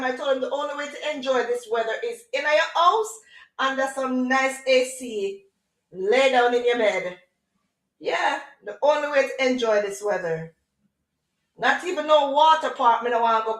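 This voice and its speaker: A middle-aged woman chatting casually on her livestream, animated and drifting into patois. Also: high-pitched. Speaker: livestream host. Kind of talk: casual chat. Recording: echoey room.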